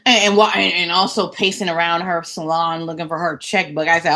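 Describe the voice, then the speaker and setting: A woman's voice: fairly low pitch, moderate pace. Sassy young woman ranting. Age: young adult. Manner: animated, repeats words and phrases for emphasis; sassy, mocking asides. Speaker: vlogger. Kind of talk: storytelling rant.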